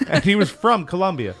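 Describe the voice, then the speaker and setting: A man tells profane anecdotes in casual podcast banter, laughing as he goes. His pitch moves around a lot, and faint music sits under the talk. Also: creaky, fairly bright tone. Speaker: podcast co-host. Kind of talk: casual chat.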